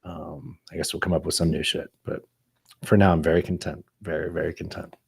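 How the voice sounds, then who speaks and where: A man in his thirties hosting a casual podcast, rambling and animated, who swears casually. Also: low-pitched, brisk, creaky, breathy edge, no echo. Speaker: podcast host. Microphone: studio microphone.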